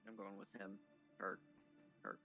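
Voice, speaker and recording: Male player, gravelly voice, hesitant. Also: deep voice, very animated, measured pace, pushed and bright, soft background music. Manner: hesitant, trailing off. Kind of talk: casual tabletop play.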